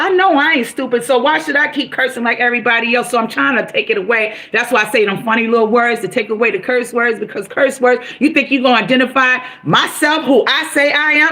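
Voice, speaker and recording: Middle-aged woman, motivational streamer; high, bright voice; folksy, animated and preachy. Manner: preachy, animated, bursts into exclamations; folksy, calls viewers baby girl and honey. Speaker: live streamer. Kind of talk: motivational live stream talk.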